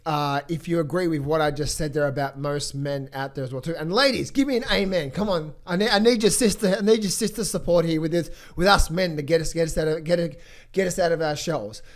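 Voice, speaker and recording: A hoarse man in his thirties or forties, a trading coach giving blunt, emphatic motivational talk and market commentary in a vlog. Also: on the high side, a little fast. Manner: emphatic, blunt, swears freely.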